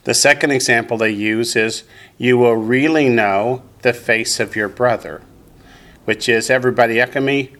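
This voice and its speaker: A man teaching a class, explaining slowly and deliberately and leading the group in repeating words. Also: mid-range voice, fairly even intonation, fairly bright tone. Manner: slow, deliberate explanations, leads group repetition. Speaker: Hebrew teacher. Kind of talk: classroom lesson with call-and-response.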